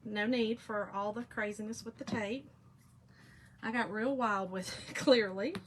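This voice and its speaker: Southern lady crafting on a livestream, gabbing to chat, laughs a lot, clear and bright. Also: mid-range voice, fairly even intonation, unhurried, a little hiss or hum. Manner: talkative, laughs often, speaks to chat as "y'all". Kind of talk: chatty livestream storytelling while crafting.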